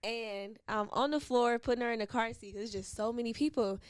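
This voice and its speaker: Animated young woman telling a story. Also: a little fast, clear, resonant tone, no room sound. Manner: animated, swears freely, acts out quotes in high voices. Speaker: podcast co-host. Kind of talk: casual chat, storytelling.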